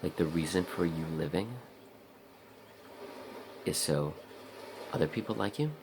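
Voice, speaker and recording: Gravelly, very low-voiced profane man. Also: unhurried, background noise. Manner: profane, blunt, talks straight to the viewer; acts out his own inner voice in a higher, louder pitch. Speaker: vlogger. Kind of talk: casual rambling vlog monologue.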